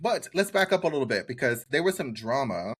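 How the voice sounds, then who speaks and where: A man co-hosting a casual chat podcast, his pitch leaping up and down as he jokes around. His voice has a husky, slightly raspy edge, and he keeps the talk loose and animated. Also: a little fast. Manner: animated, jokey, does exaggerated voices for quoted people. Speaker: podcast co-host. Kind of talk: casual chat reviewing a TV show.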